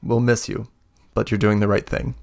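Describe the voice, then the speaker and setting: A man voicing a firm, steady older man with a curt way of speaking. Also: on the low side, normal speed, vocal fry.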